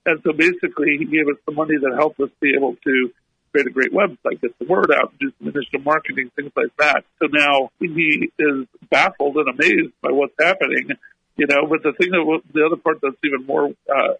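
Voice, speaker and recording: A man's voice: fairly high pitch, gravelly, husky, no room sound, rough recording. A man guest on a radio interview, telling a long story with energy and acting out the people he quotes. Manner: animated, acts out the people he quotes.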